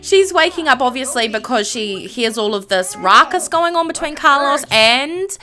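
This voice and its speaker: A woman's voice: sits high, expressive, moderate pace, bright, forceful tone. Bubbly young woman narrating a stream. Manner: bubbly, giggly, full of "like" and "um". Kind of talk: casual live-stream narration of a life-sim game.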